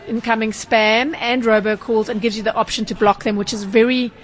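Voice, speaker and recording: A woman's voice: a little high, little pitch movement, brisk. A woman explaining consumer rules on radio, a little hesitant and full of fillers. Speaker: consumer journalist. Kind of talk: radio consumer advice chat.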